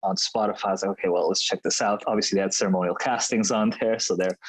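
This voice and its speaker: Low-voiced man in dry casual chat. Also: fast, husky, no echo, rough recording. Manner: relaxed, rambling, with frequent restarts. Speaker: podcast co-host.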